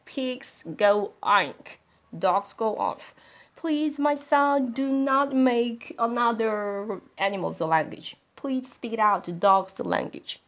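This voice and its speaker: A woman's voice: medium pitch, very animated, heavily acted. A woman voicing a patient but increasingly desperate mother dog in a storybook read-aloud. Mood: pleading. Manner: slow, emphatic, pleading.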